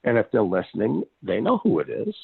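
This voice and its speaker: A man with a gravelly, husky voice tells stories in casual chat, restarting his sentences and laughing often. His pitch swings widely as he gets animated. He sounds dry and tinny, like a phone call. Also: a little fast, no echo. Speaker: psychic medium guest.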